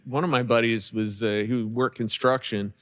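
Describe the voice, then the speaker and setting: A man chats as a guest musician in a casual group talk. He speaks in an easygoing, amused way at a middle pitch. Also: steady tone, normal speed, a bit bright. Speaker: drummer guest. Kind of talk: casual chat.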